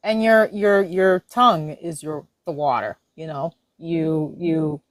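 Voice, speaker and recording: A woman in a casual faith-based discussion, animated and laughing, acting out her own inner voice. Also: deep voice, takes it slowly, dry recording.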